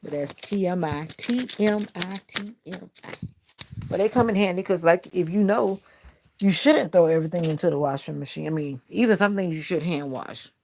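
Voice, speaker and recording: A middle-aged woman with a low, gravelly voice rambles to her livestream viewers from her bedroom. She is laid-back and joking. The phone recording carries a steady hiss of home noise. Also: fairly quick. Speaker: livestream host. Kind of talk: casual chat to viewers.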